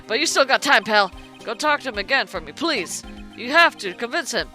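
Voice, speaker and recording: A woman voicing an earnest, loyal male police detective from a game, folksy and loud as she reads his lines aloud. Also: on the high side, lively intonation, a little fast, faint music behind. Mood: pleading. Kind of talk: reading game dialogue aloud.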